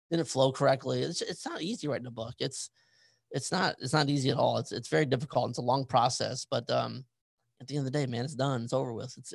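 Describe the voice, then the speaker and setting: A man's voice: mid-range voice, vocal fry, no echo. A man hosting a podcast, chatting casually about his own life, rambling and repeating words as he thinks aloud. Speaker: podcast host and author. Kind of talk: casual interview chat.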